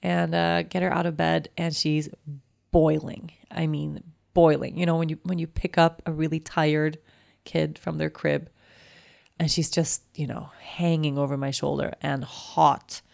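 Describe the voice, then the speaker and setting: A woman's voice: deep voice, level tone, normal speed, vocal fry, no room sound. A woman in her thirties hosting a personal podcast, talking candidly and emotionally with many fillers, close to tears. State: near tears. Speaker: podcast host.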